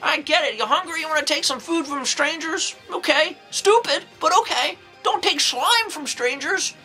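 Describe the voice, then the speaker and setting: A woman playing an eccentric, excitable old nun who reviews horror movies, rambling along with folksy exclamations. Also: high-pitched, moderate pace, faint music behind. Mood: rambling, amused. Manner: rambling, folksy exclamations, jumps into acted quotes. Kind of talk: in-character comedic movie review.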